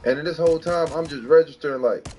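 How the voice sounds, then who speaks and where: A man telling a story in a casual, animated way, jumping into high voices to act out what others said. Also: fast talker, slight background noise. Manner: animated, acts out quotes with big pitch jumps. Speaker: podcast guest telling a story.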